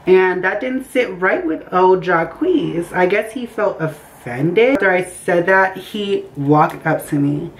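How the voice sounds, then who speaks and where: A young woman telling a story casually in her bedroom, animated and acting out the quotes. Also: on the low side, slow pace, few pauses, poor audio. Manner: animated, acts out quotes with voices. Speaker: storytime vlogger. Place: bedroom by a window.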